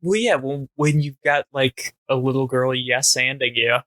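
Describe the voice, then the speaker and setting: A man co-hosting a comedy podcast, speaking casually with wry, deadpan quips and plenty of fillers. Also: medium pitch, normal speed, dry recording. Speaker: podcast co-host.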